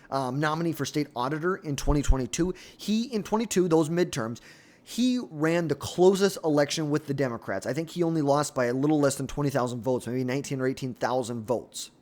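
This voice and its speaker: A man's voice: fairly high pitch, brisk, darkish tone. A man giving solo political commentary, blunt and opinionated, with exasperated asides.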